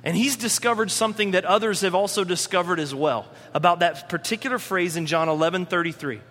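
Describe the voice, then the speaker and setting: A man delivers a lively sermon, his voice pitched high and bright. He slips in and out of quoted voices as he talks. The sound carries a long reverb from a large church hall. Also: brisk. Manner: animated, acts out quoted voices. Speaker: pastor.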